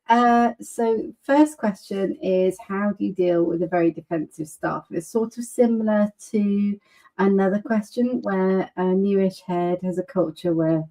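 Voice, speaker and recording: A woman's voice: medium pitch, dark tone, poor audio. A woman hosting a webinar over a video call, gushing and enthusiastic. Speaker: webinar host.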